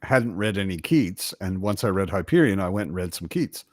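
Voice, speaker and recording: A man with a lowish voice hosts a relaxed book chat on a livestream. He rambles and corrects himself in an easy way. The sound is dry and close, as on a video call. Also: moderate pace, no echo. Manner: rambling, self-correcting, chatty. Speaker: livestream host. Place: home in Berlin.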